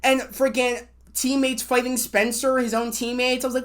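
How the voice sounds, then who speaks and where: A woman's voice: a little high, moderate pace. A woman reviewing a TV episode in a casual spoiler rant, rambling with many fillers and restarts, swearing when annoyed. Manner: excitable, acts out quotes. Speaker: TV show reviewer.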